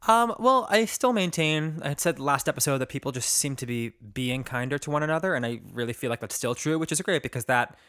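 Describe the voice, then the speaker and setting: A man co-hosting a podcast, chatting casually, earnest about kindness and quick with wry jokes and casual swearing. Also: on the high side, animated, fairly bright tone, smooth, no room sound, studio quality. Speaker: podcast co-host. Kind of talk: casual chat.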